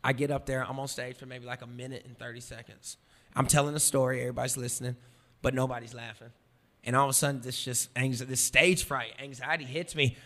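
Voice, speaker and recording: Fast, bright-voiced comedian telling stories. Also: male voice, mid-range voice. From American. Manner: animated, profane, swings from loud to quiet. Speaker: stand-up comedian. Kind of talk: casual storytelling in an interview.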